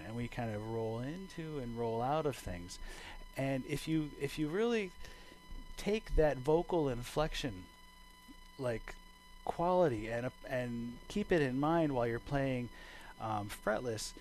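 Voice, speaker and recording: Mellow-voiced man teaching bass online. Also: poor audio. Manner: relaxed, rambling, thinking aloud with fillers. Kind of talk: online music lesson over video call. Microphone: video call. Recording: bass guitar playing behind him.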